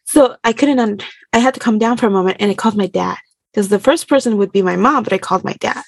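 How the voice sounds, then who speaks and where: A woman, a burlesque performer, telling a story in an animated, rambling way full of fillers. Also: a little high, a little fast, vocal fry, no room sound. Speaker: guest. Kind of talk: casual storytelling.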